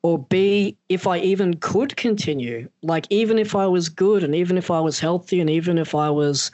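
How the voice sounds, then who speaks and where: Earnest male podcast host, slightly high. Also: moderate pace, a little mellow, dry recording, highs cut off. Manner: earnest, fluent storyteller. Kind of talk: podcast interview.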